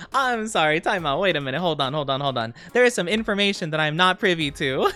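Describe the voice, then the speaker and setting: Woman vtuber yapping with chat, giggly and bouncy, low-ish voice, soft music under it. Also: brisk. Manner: playful, giggly, animated. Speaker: VTuber streamer. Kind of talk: casual live-stream chat with viewers.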